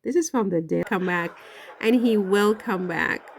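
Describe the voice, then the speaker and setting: A woman's voice: medium pitch, a little slow, creaky, background noise. A woman giving casual, emotional vlog commentary on royal news, chatty and prone to swearing.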